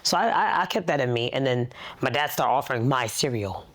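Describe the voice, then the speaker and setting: A young woman telling a personal story in a therapy session, animated and blunt, swearing freely. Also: extremely low pitch, brisk. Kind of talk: casual storytelling.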